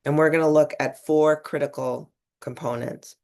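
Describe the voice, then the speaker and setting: A woman's voice: deep voice, fairly even intonation, normal speed, darkish tone. A woman giving a webinar presentation and explaining her slides step by step, with occasional restarts mid-word. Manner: explanatory, talks through slides. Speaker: webinar presenter on reading instruction.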